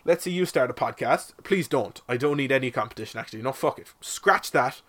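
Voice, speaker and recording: A man's voice: mid-range voice, lively intonation, fairly quick, a bit bright. A man hosting a solo podcast from his shed, rambling and swearing in a self-mocking comic way. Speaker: podcast host. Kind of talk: casual solo podcast monologue.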